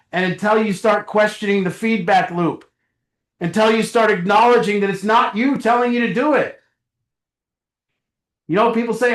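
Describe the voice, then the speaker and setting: A man's voice: high-pitched, a bit bright, roomy sound. A middle-aged man speaking casually to a recovery group in a meeting room, acting out little dialogues as he goes. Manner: conversational, acts out little dialogues with a chuckle. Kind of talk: casual motivational talk to a group. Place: meeting room with a small audience.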